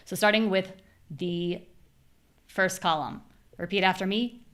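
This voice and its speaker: An American woman teaching a live online pronunciation class, modeling words with clear, exaggerated stress. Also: lowish voice, unhurried, fairly bright tone.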